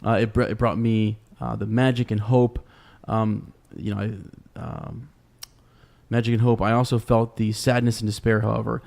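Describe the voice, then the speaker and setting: A man's voice: fairly low pitch, level tone, moderate pace, vocal fry, a little mellow. A man co-hosting a podcast, speaking earnestly and hesitantly with many fillers. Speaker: podcast co-host. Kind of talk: casual podcast chat.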